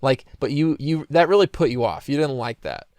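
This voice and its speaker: Halting man in casual podcast chat. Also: mid-range voice, sing-song, a little mellow, no room sound. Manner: repeats himself, halting restarts. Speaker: podcast co-host.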